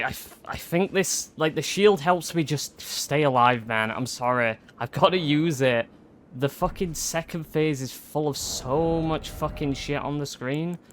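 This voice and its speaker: A man's voice: a little high, a little hiss or hum. Frustrated man commentating gameplay. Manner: frustrated, swearing, repeating himself. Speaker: gaming streamer.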